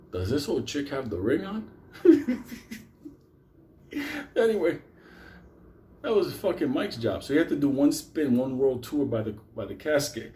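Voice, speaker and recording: A man's voice: mid-range voice, warm tone, slight background noise. Profane, laughing New storyteller man. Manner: swears constantly, laughs through his own story. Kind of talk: profane live storytelling to an audience.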